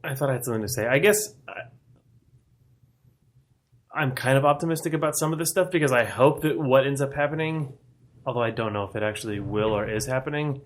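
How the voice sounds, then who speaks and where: A man co-hosting a casual podcast chat, thinking out loud in long, winding sentences. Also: medium pitch, a little fast, long pauses. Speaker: podcast co-host.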